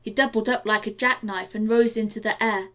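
A woman reading a novel aloud as an audiobook narrator, measured and gently expressive. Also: medium pitch. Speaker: audiobook reader. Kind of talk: scripted narration.

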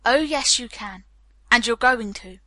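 A woman's voice: on the high side, unhurried, pushed and bright, dry recording. A woman voicing an angry male police captain who presses hard with blunt, demanding questions. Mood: stern.

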